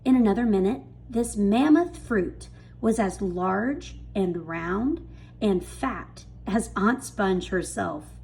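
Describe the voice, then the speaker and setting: A woman reading a children's book aloud in a lively, expressive storytelling manner. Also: mid-range voice, slow, creaky. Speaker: reader.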